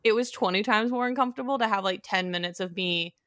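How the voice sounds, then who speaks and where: A woman's voice: mid-range voice, fast talker, a bit bright, no echo. A young woman co-hosting a podcast, telling a dating story in a casual, chatty way full of fillers. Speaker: podcast co-host. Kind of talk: casual chat.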